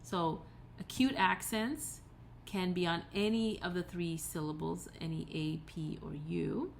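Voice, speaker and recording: A woman's voice: fairly low pitch, steady tone, unhurried, gravelly, slight background noise. A woman giving a recorded tutorial lecture, explaining patiently step by step with occasional fillers and self-corrections. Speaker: teacher.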